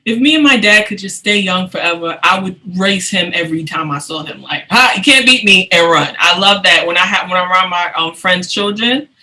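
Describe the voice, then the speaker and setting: A woman hosting a casual podcast interview, animated and quick to laugh, often restarting her sentences. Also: on the low side, low-quality recording. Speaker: podcast host.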